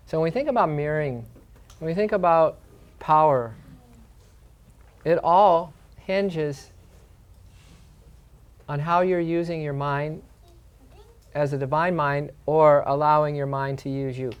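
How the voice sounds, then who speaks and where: A man's voice: fairly high pitch, a little slow, long pauses, smooth. A man co-host giving a spiritual talk, reflective and repeating key phrases for emphasis. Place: yoga studio.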